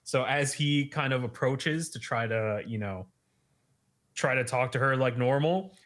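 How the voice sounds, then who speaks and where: A podcast host with a mid-range, somewhat bright voice recaps a story chapter at a measured pace. He's casual, laughs a lot, and leans on plenty of fillers.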